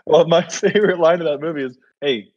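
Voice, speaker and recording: A man's voice: on the high side, fast, muffled recording, a crowd in the background. A man co-hosting a podcast in casual chat, telling stories and laughing often. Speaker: podcast co-host.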